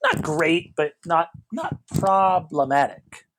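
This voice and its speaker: A man in casual conversation, talking through a film he watched. His pitch rises and falls in a lively way as he wanders through his points, with frequent restarts and asides. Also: slow pace, low-quality recording. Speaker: podcast co-host. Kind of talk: casual chat reviewing a film.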